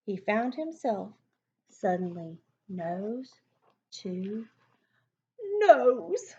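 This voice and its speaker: A woman reading a rhyming picture book aloud in a slow, unhurried rhythm. Her fairly high voice swoops in a lively, sing-song way, and she pauses for chatty asides. The recording sounds dull and lo-fi. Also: slight background noise. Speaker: storybook reader.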